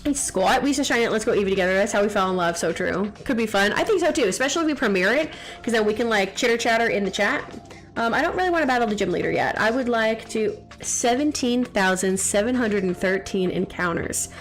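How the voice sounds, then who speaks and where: A woman's voice: mid-range voice, lively intonation, faint music behind. Chatty young woman streamer. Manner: chatty, reads chat aloud, quick jokes and teasing. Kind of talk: casual live-stream chat.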